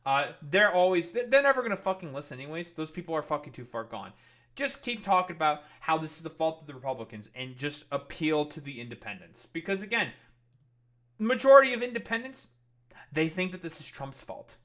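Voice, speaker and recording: A man's voice: a little high, very animated, a little fast, fairly bright tone. A man streaming heated, profane political commentary in a blunt, ranting way.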